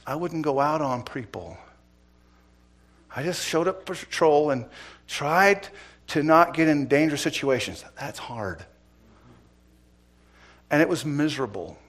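A middle-aged man preaching a sermon, telling a police story with dramatic swings from loud to hushed. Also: mid-range voice. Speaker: preacher, former police officer.

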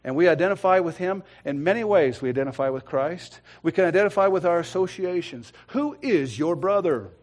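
A middle-aged man preaching a sermon, swinging between loud bursts and quiet asides and acting out the voices in his stories. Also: sits high, animated, brisk, few pauses. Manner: acts out quoted voices in storytelling. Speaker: pastor.

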